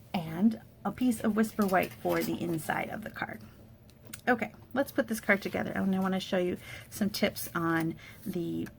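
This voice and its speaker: Over slight background noise, a woman whose medium-pitched voice carries vocal fry demonstrates a paper card project. Her casual tutorial is an upbeat, chatty walkthrough of the supplies and each step.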